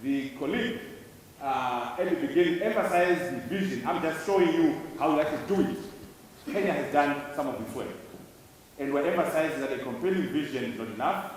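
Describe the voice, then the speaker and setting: Man from Zimbabwe, conference speaker, slightly high voice, emphatic and repetitive, heard from far off in a large echoing hall. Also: animated, fairly quick, a little hiss or hum. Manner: emphatic, repeating key words for effect. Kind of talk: public speech to students.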